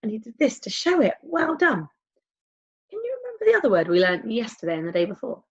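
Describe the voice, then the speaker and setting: Here a primary school music teacher with a fairly high, breathy-edged voice leads a playful online lesson for young children at a slightly fast clip. Whoops, whispers and a sing-song lilt keep the sounds fun, though the home video recording is dull and lo-fi.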